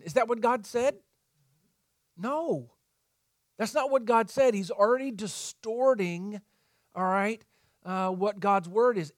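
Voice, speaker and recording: Male preacher with a high voice, earnest teaching tone, dry close sound. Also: no echo. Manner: earnest teaching tone, frequent fillers and rhetorical questions. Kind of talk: sermon.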